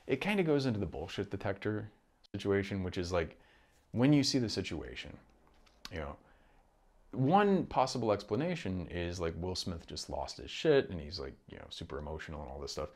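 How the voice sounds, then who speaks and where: Low-voiced man musing aloud. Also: very animated, a little mellow. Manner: rambling, halting, many restarts and profanity. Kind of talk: casual monologue. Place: home room.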